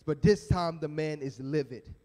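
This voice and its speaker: A male evangelist preaching at a youth rally, telling a story in an animated, dramatic way. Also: a little high, normal speed. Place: church sanctuary. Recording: echoey church sanctuary.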